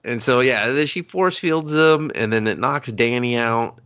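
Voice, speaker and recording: A man co-hosting a casual movie review chat, profane and acting out characters in quick mocking voices. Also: mid-range voice, fairly bright tone, clear, resonant tone. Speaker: podcast co-host.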